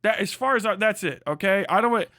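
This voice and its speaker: Ranting bluntly and full of profanity, a high-pitched male streamer speaks at a quick pace, his voice pushed and bright. The recording is close and dry, with no room sound.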